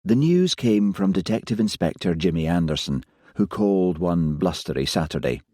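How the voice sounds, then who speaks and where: A man narrating a mystery novel in a measured, even reading. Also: deep voice, no echo, studio quality. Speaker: audiobook narrator. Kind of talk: scripted narration.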